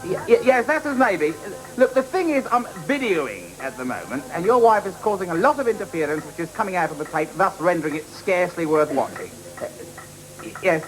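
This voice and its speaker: A prim stammering neighbour. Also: male voice, sits high, very animated, a little fast, a bit bright, poor audio. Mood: fussy. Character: fussy, stammering male neighbour complaining. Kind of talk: 1980s TV sketch comedy.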